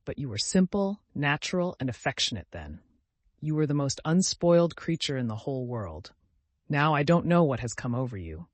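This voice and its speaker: A man's voice: medium pitch, very animated, moderate pace, no echo, lightly acted. A man reading the part of a grave older male painter, earnest and pleading, in a dry recording. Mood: pained.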